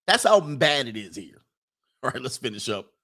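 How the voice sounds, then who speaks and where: A man's voice: medium pitch, sing-song, normal speed, a bit bright. A man hosting a livestream, reading viewer chats and riffing in a rambling, joking way. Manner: rambling, joking, breaks into laughter and mock voices. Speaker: livestream host. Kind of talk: casual comedic commentary reading viewer chats.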